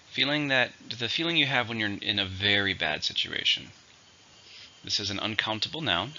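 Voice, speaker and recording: A man teaching an English vocabulary lesson, explaining words slowly and answering his own questions. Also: fairly low pitch, gravelly, sharp tone, dull audio.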